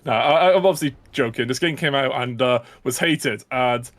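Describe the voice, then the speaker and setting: A man's voice: medium pitch, normal speed. A man giving casual live commentary while speedrunning a game, jokey and upbeat. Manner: jokey, upbeat, self-aware.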